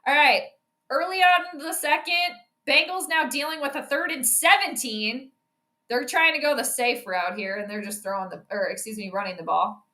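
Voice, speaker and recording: Bright chatty woman calling a game live. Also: high-pitched, moderate pace. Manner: chatty, reacts loudly to plays, talks to viewers. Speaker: astrology sports streamer. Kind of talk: casual live game commentary.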